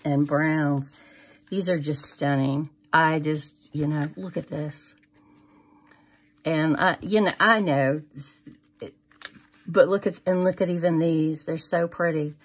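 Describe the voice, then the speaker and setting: A woman's voice: deep voice, husky. A middle-aged woman chatting casually through a crafting haul, gushing over each item and trailing off into fillers. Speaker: crafting vlogger. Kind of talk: casual product haul show-and-tell.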